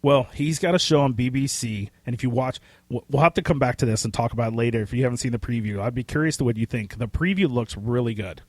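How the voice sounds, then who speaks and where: A man co-hosting a casual pop-culture podcast. He talks in a rambling, excitable way with casual swearing, and his voice is getting hoarse. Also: medium pitch, fast talker, no room sound. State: losing his voice. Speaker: podcast co-host. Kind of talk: casual chat.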